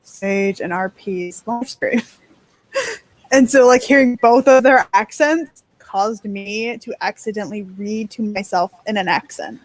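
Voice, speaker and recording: A woman's voice: mid-range voice, slow, low-quality recording. A young woman chatting casually as a stream guest, giggly and drawn out. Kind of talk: casual chat.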